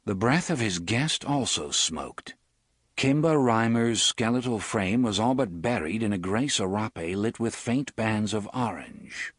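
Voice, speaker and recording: A man narrating an audiobook in a steady, measured storytelling voice. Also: lowish voice, no room sound, studio quality. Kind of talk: scripted narration.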